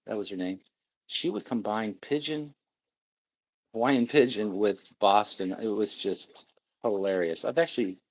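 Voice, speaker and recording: A man's voice: low-pitched, rough recording. A middle-aged man hosting a casual livestream, rambling and reading out viewer comments. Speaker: livestream host.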